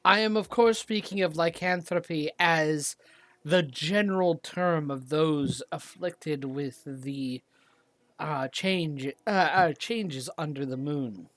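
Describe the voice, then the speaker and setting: A game master voicing Dorbo, a proud male deep gnome warrior leader who speaks sternly, with hesitant fillers, on a dry close mic. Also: takes it slowly, no room sound, close to an everyday voice.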